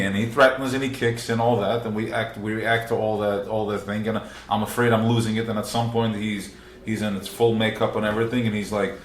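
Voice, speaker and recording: Low-voiced man teaching in an echoey room. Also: little pitch movement, fast talker, a little hiss or hum. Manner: earnest, repetitive restarts, acts out inner voices. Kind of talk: live religious class. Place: room with a small group. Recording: roomy live recording.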